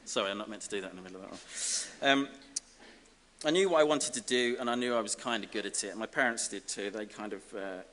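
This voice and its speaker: A man from giving a self-deprecating, comic acceptance speech as an honorary graduate, halting over fillers. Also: lowish voice, pushed and bright. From Essex, England. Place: large ceremony hall. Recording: reverberant hall with faint hiss.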